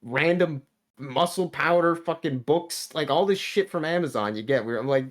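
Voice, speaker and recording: A man's voice: on the high side, moderate pace. A man in his thirties telling a work story in casual podcast chat, laid-back, swearing constantly and restarting his sentences. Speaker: podcast guest.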